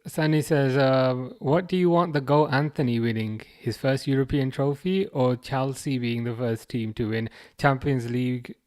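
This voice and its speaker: A man with a Birmingham accent from the UK hosts a football watchalong livestream, reading out viewer comments in a halting, casual way with many restarts. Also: medium pitch, a little mellow. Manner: halting, restarts often, chuckles, reads comments aloud. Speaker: livestream host reading chat.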